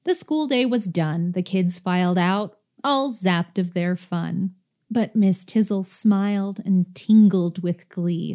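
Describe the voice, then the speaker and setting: Slow, measured woman reading a spooky poem. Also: mid-range voice, darkish tone, faint music behind. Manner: measured, playful storytelling. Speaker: poem reader. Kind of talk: narrating a rhyming spooky poem.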